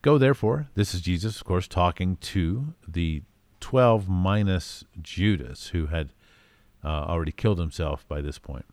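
Deep-voiced man teaching scripture. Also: a little slow, a little mellow, no echo. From United States. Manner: conversational, frequent fillers, reads verses aloud with emphasis. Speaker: Bible teacher. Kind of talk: informal Bible teaching.

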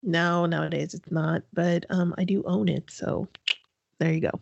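Low-voiced woman on a dull line. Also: fairly even intonation, normal speed, vocal fry, darkish tone, dry recording. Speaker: podcast co-host. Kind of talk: casual movie-review chat.

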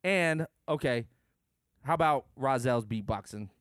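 A man's voice: mid-range voice, lively intonation, unhurried, no echo. Laid-back swearing man in dry casual chat. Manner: laid-back, swears freely, enthusiastic about beats. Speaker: podcast co-host.

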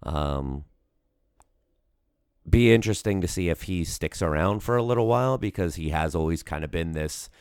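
An animated man with a deep, slightly mellow, clean voice speaks at normal speed on a dry recording with clean studio sound. Co-hosting a podcast, he chats casually and rambles, full of fillers and restarts.

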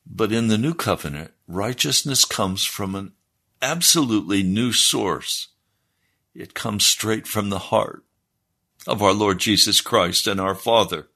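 A man preaching a sermon, explaining scripture in a deliberate, teaching manner. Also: lowish voice, vocal fry, sharp tone.

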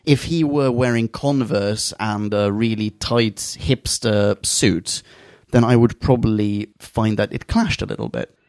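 A man's voice: lowish voice, steady tone, measured pace, a little mellow, dry recording, studio quality. A man co-hosting a casual review podcast from England, articulate and wordy, often laughing at himself. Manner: articulate, wordy, self-deprecating. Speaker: podcast co-host.

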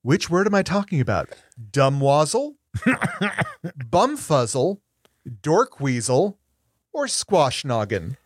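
Lively playful male quiz host. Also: on the high side, dry recording, studio quality. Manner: playful quiz-master, reads options slowly. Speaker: podcast co-host running a word quiz. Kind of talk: casual podcast chat.

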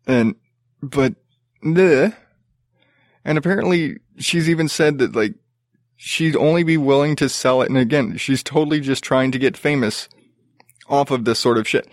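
A man's voice: medium pitch, moderate pace, no echo. Profane ranting man, dry close sound. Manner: profane, exasperated, sarcastic. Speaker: podcast host. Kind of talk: ranting casual commentary.

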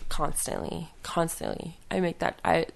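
Slow, gravelly-voiced woman. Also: sits low, wildly swooping pitch. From western United States. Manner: rambling, halting, many fillers and restarts. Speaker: podcast guest. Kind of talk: casual conversation.

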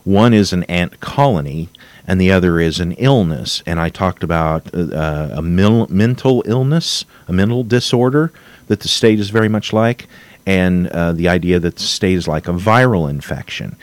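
A man's voice: low-pitched, moderate pace, no echo. A man hosting a solo podcast from his home office, rambling and restarting, getting wound up as he rants. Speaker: podcast host.

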